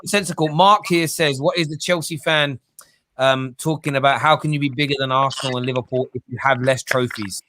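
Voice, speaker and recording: A man's voice: mid-range voice, steady tone, a little fast, pushed and bright, no echo. A man hosting a live football debate stream, thinking aloud and changing his mind as he talks. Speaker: show host.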